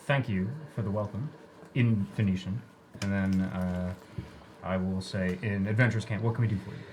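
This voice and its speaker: A man's voice: low-pitched, steady tone, moderate pace, a little mellow, a little hiss or hum. A man talking casually as a player in a tabletop role-playing game.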